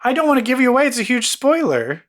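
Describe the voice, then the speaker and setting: A man co-hosting a podcast, recounting gossip in an animated casual chat, acting out quotes and swearing freely. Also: extremely high pitch, quick pace. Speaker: podcast co-host.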